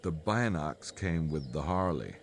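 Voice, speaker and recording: An actor playing a wry, sardonic American detective hero in a video game. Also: male voice, very deep voice, expressive, unhurried, full character voice. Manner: dry, sardonic drawl.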